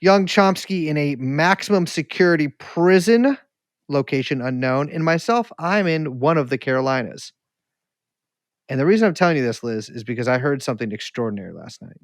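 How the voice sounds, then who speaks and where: A man's voice: a little high, expressive, brisk, no echo, clean studio sound. A man co-hosting a podcast, telling rambling, profane, jokey stories in casual chat. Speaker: podcast co-host.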